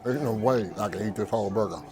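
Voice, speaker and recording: A man's voice: fairly low pitch, fast, a crowd in the background. A man, a food vlogger hosting, chatting casually to viewers and calling them y'all. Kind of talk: casual vlog chat to viewers. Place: car in the rain, then small diner. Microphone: lapel mic. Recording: noisy road and diner background.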